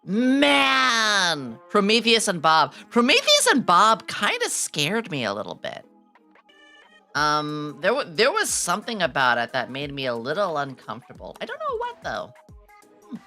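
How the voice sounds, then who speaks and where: A woman in her thirties chatting casually on a stream, excitable and quick to break into squealing laughter. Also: on the low side, faint music behind.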